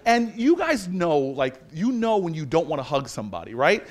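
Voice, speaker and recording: A man's voice: fairly high pitch, very animated, moderate pace. A man in his forties telling a self-mocking story as a guest speaker in a university lecture hall. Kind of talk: storytelling speech to an audience.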